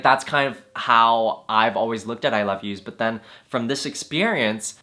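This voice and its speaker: A young man talks straight to camera in a loose, confiding chat. His voice is bright and forward, and for quoted lines he sometimes jumps up into a high, playful register before settling back into plain talk. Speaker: vlogger.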